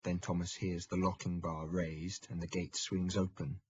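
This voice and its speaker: A man reading a historical novel aloud in steady, measured audiobook narration. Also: deep voice, husky, no room sound, muffled recording.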